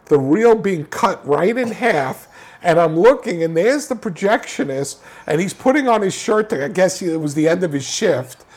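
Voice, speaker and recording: A man telling a film anecdote in an interview, animated, with many restarts and repeated words. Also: high voice, moderate pace. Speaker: filmmaker guest. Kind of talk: casual storytelling interview.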